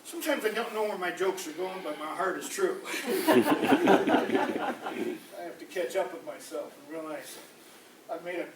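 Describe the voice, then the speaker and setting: A man doing loose political stand-up, rambling and animated and slipping into mocking voices. He sounds distant from the mic in a roomy, echoey space with a faint ambient hum behind him. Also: fairly high pitch, moderate pace, long pauses. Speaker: street comedian. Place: campus room before a live audience. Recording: echoey room, voice from far off.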